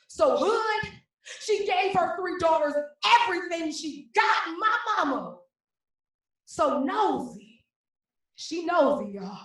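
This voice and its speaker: Slam poet, young woman from Ohio: high, bright voice, slow and deliberate, rhythmic refrains, heard from a distance in a very echoey room. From Cleveland, Ohio, US. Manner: rhythmic, punchy delivery with loud emphatic refrains. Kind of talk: live spoken-word poetry performance.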